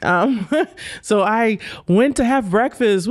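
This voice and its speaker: A woman in her forties telling lively stories as an interview guest, acting out the dialogue and laughing often. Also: mid-range voice, unhurried. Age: 40s. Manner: animated, laughing, acts out quoted dialogue. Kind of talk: storytelling in a casual interview.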